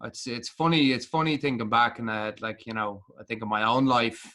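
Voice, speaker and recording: A bright, clear-voiced man hosts a podcast. He chats casually and loosely, swearing freely and padding his talk with fillers. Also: mid-range voice, fairly even intonation, fairly quick. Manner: laid-back and sweary, with many fillers. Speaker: podcast host. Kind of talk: casual chat.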